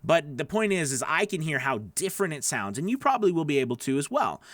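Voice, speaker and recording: A man with a slightly raised speaking pitch coaches voice actors in a relaxed, chatty way and answers viewers' questions as they come in. He sounds close and dry on a studio microphone, with no room echo around him. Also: fast. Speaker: voice-over coach. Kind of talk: live-stream Q&A teaching.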